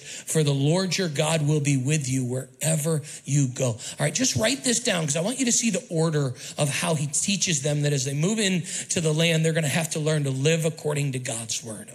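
A male pastor delivering a sermon, his voice sitting a bit higher than most men's. He preaches emphatically, repeating phrases for effect and prompting the congregation to finish his sentences. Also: low-quality recording. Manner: call-and-response prompting. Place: church auditorium.

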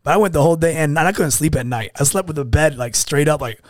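A fast-talking man with a somewhat high voice co-hosts a podcast, spinning a casual story and animatedly acting out what other people said. The recording is dry and studio quality.

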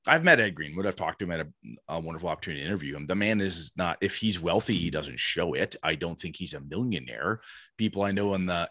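Fast-talking, low-voiced man, dry sound. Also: dry recording. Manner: animated storyteller, acts out quoted voices, swears casually. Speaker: tabletop game designer, guest. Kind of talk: casual podcast conversation.

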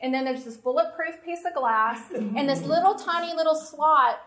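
A middle-aged woman, telling a personal story to an audience in an animated, emphatic way. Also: sits high, moderate pace. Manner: animated, emphatic, talks straight to listeners. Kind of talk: personal anecdote told to an audience.

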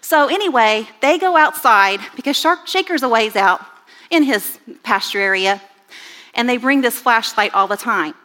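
A woman in her forties giving a sermon with personal stories, chatty and animated, with rising exclamations. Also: on the high side. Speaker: church speaker. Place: church sanctuary. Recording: reverberant church hall.

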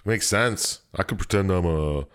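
A man's voice: low-pitched, normal speed. A man co-hosting a podcast, chiming in with sarcastic, joking remarks in casual chat. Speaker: podcast co-host.

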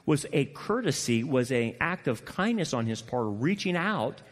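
A man preaching a sermon as pastor, emphatic, moving between loud passionate peaks and quiet intimate asides. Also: a little high, lively intonation, normal speed, hardly any pauses, breathy edge. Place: church sanctuary. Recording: long hall reverb.

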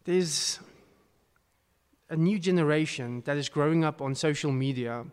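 Unhurried and smooth, a male pastor preaches earnestly, breaking into abrupt emphatic bursts. His voice runs somewhat high for a man yet has a darkish tone, and a long reverb tail suggests a big church hall.

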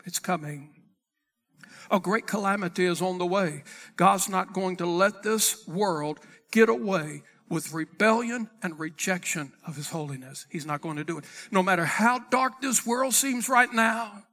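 Pastor guy preaching, really high bright voice, acts out god talking. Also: normal speed, long reverb tail. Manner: dramatic preaching, acting out dialogue with God; reads scripture in old-fashioned Bible wording. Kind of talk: sermon.

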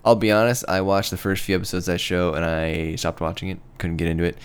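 A man's voice: low-pitched, little pitch movement, fast, clean tone. A man co-hosting a casual podcast chat, talking in a thoughtful, hedging way. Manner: thoughtful, hedging, apologetic about pronouncing names. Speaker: podcast co-host.

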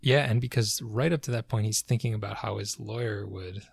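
A man's voice: on the low side, a little fast, creaky, slightly rough, no echo, clean studio sound. A man co-hosting a podcast, talking through a book in a thoughtful, hedging way and searching for words. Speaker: podcast co-host. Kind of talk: casual book discussion.

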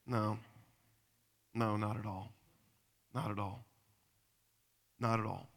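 A preacher delivers a marriage sermon, his bright, forceful voice rising into loud emphatic bursts and dropping into low asides. The sound carries a long reverb, as if recorded in a large hall. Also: fairly even intonation, takes it slowly, gravelly, pauses often. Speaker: pastor.

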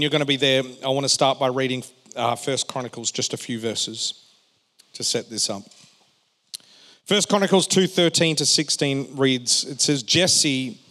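A male pastor preaching a sermon, swinging between emphatic raised phrases and quiet, joking asides to the congregation. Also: mid-range voice. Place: church hall. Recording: long reverb of a large hall.

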